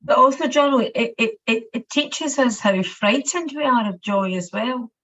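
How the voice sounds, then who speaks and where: A Scottish woman sharing personal reflections, halting and often repeating her words. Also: a little high, a bit bright, faint music behind. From Scotland. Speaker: workshop participant. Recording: muffled lo-fi audio.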